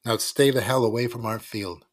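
A man's voice: mid-range voice, fairly even intonation, normal speed, no room sound, studio quality, close to an everyday voice. A man voicing a foul-mouthed, mocking boy. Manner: crude, mocking insults. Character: foul-mouthed, hot-headed young boy.

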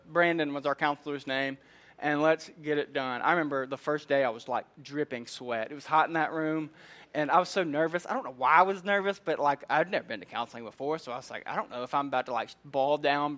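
A young man with a high voice delivers a sermon. He talks in a relaxed, chatty way and tells personal stories. He often drops in fillers like "man" and "like". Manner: casual, conversational preaching with storytelling. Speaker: preacher.

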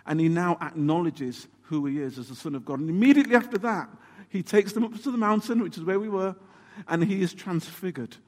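A man preaching a sermon, telling the story in an animated, emphatic way and asking rhetorical questions. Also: high voice, a little fast. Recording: long hall reverb.

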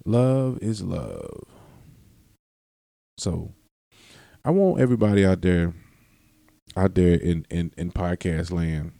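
A man's voice: deep voice, measured pace, pauses often, dark tone, no echo. A man hosting a solo podcast, long-winded and rambling, often breaking off his sentences and laughing as he goes. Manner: long-winded, self-interrupting, laughs and curses. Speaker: podcast host.

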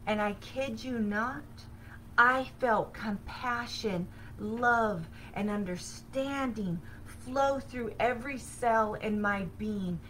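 A woman hosts a spiritual self-help talk with a slightly high voice. She tells her story in an animated way and breaks into sudden excited bursts. A faint hiss sits under the recording. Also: slow pace, poor audio. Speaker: podcast host.

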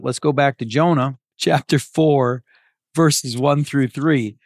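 Earnest pastor preaching conversationally. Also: male voice, on the high side, dry recording, clean studio sound. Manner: conversational and earnest, with casual asides. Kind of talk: sermon.

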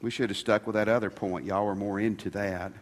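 A man's voice: lowish voice, steady tone, a little fast. A man preaching a sermon in a folksy, conversational way, asking his congregation rhetorical questions. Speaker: pastor. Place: church sanctuary. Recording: long hall reverb.

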